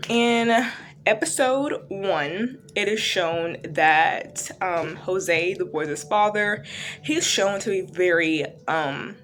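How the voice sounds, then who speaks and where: Chatty woman with a lowish voice. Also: takes it slowly, a bit bright, a little hiss or hum. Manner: chatty, loose, lots of fillers and "like". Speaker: true-crime reaction vlogger. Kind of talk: casual retelling of a TV series.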